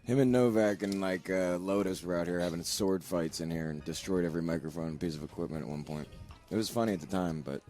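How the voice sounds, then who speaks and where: A man's voice: deep voice, fast talker, dark tone, soft background music. A man in a radio studio making dry, offhand remarks during casual chat.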